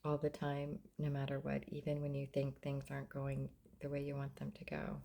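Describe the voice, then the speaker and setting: A middle-aged mother talking about faith and self-love in a casual vlog, often dropping into soft whispers. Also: very deep voice, monotone, moderate pace, vocal fry. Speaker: mother sharing reflections. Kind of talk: casual heartfelt vlog talk.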